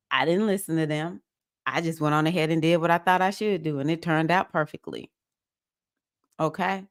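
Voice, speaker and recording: A woman hosting a live-streamed women's spiritual circle, talking casually and acting out little quoted dialogues. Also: mid-range voice. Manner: casual, conversational, animated with acted-out quotes. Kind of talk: live-stream motivational talk.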